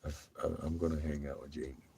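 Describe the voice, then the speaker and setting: A man's voice: very deep voice, flat delivery, fast, dark tone, husky, poor audio. A man vlogging from inside a vehicle, chatting to viewers with frequent laughs and cooing baby talk at a puppy. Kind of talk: casual chat to viewers.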